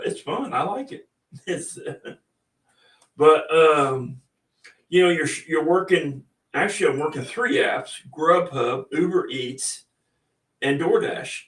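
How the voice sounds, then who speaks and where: A man's voice: on the high side, fairly bright tone, far from the mic. A middle-aged man hosting a podcast in a folksy, rambling, chatty way. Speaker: podcast host. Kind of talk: casual podcast monologue. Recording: echoey room, off-mic.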